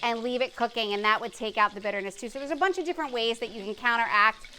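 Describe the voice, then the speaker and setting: A woman's voice: on the high side, fast talker, bright, forceful tone, slight background noise, poor audio. A woman hosting a live cooking show, chatting with her guest and explaining kitchen tips. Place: live studio kitchen with audience.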